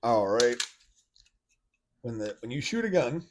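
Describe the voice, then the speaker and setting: In a very animated but unhurried mid-range voice, with a slight hiss or hum on the recording, a podcast host rambles through casual monologue commentary. He restarts often and can be blunt and mocking, swearing from time to time.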